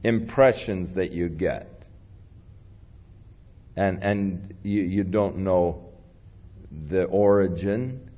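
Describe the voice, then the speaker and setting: A man preaching a sermon in a conversational storytelling way, with a voice that carries and big rises in pitch and loudness. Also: very slow, pauses often, muffled recording. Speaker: pastor.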